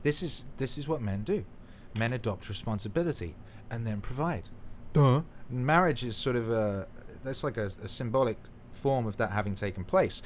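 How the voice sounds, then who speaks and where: A man hosting a casual livestream chat, excitable and swearing freely, swinging between mumbles and loud bursts. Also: mid-range voice, moderate pace, a little hiss or hum. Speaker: livestream host.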